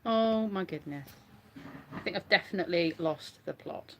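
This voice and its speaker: A woman's voice: fairly low pitch, normal speed, dull audio, slight background noise. A woman vlogging casually from bed at home, giggly and rambling as she chats to her viewers. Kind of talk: casual live chat to viewers.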